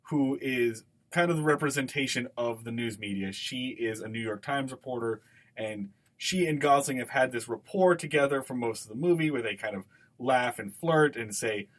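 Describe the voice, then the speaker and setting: A man co-hosting a podcast, talking through a film scene in an animated, digressive way. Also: mid-range voice, moderate pace. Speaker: podcast co-host. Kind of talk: conversational podcast discussion.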